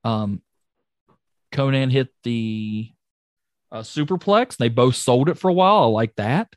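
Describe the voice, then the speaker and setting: A man co-hosting a podcast in casual chat, excitable and jokey, often trailing off and restarting. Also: mid-range voice, unhurried, no echo, clean studio sound. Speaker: podcast co-host recapping wrestling.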